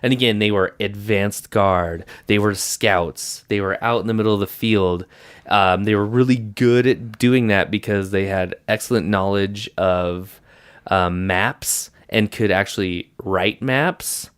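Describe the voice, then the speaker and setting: A man with a smooth, clear and somewhat low voice co-hosts a casual podcast. He rambles through his points with plenty of fillers and easy laughter. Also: unhurried. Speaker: podcast co-host. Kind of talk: casual chat.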